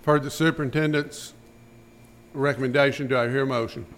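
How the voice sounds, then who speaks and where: A man chairing a school board meeting, running through motions and votes in a brisk, routine manner. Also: medium pitch, fairly even intonation, a bit bright. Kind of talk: formal meeting procedure.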